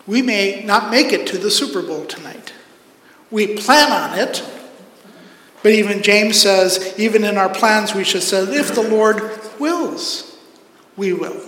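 A pastor earnestly preaches a sermon, acting out the voices of God and the prophet in the scripture he reads. His high voice has lively intonation and a sharp tone, delivered a little slowly. The hall is echoey.

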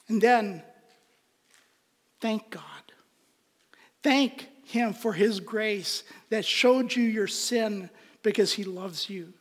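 A man delivers a sermon at a measured, unhurried pace, his tone earnest and his voice sinking to a whisper for emphasis. The long reverb of a church hall trails behind each phrase. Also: high voice. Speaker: pastor.

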